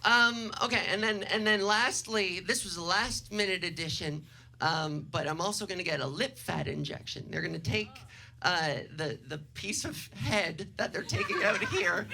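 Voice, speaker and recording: A young trans woman doing improvised stand-up comedy, brash, profane and self-mocking, jumping into loud silly voices. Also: mid-range voice, moderate pace. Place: stage before a live audience.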